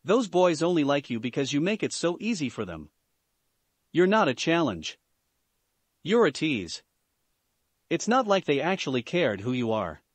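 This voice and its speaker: Haughty sharp-tongued teen princess, guy reading her, lively pitch. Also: moderate pace, long pauses, no room sound.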